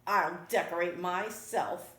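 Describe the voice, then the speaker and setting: A woman's voice: lowish voice, slow, fairly bright tone. A woman voicing a fussy, hard-working female iguana in a storybook reading, with a bossy, exasperated manner. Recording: echoey room.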